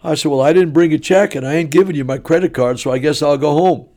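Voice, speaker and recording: A man's voice: fairly high pitch, fast. Older man preaching in fiery rants. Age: 70s. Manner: sarcastic, often rising to shouting rants. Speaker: traveling preacher, guest. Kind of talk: animated preaching and storytelling.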